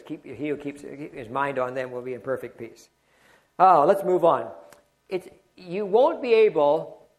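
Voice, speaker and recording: A man preaching a sermon and telling a personal story, moving between loud exclamations and quiet murmurs. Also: fairly high pitch. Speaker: pastor.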